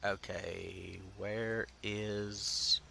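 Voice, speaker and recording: Man, gameplay commentary, sarcastic, profane, slow, faint background noise. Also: on the low side, little pitch movement, vocal fry, bright, forceful tone. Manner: profane, sarcastic, muttering to himself. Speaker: gameplay streamer.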